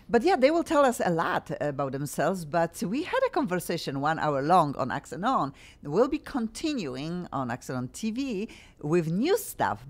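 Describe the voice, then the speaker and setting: A woman hosting a talk show, gushing over her guests with effusive compliments. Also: deep voice. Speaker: host. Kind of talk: casual chat.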